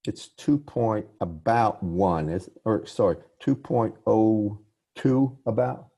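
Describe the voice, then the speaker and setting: A professor with a lowish, creaky, husky voice and warm tone lectures slowly over a computer mic on a video call. Apologetic throughout, he keeps restarting and correcting himself.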